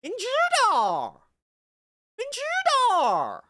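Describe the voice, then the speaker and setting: A man's voice: very high voice, huge pitch swings, drawn-out words, sharp tone, slight background noise, pitched above the performer's own voice, full character voice. A man putting on an exaggerated mainland Chinese Mandarin accent, with a sing-song voice that swoops up and down.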